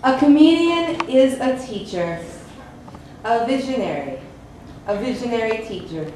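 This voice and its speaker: A man's voice: very high-pitched, big pitch swings, unhurried, noisy background, exaggerated voice. A man voicing a grand female announcer, drawing out an overblown stage introduction, heard from far off in an echoey club. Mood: grandiose.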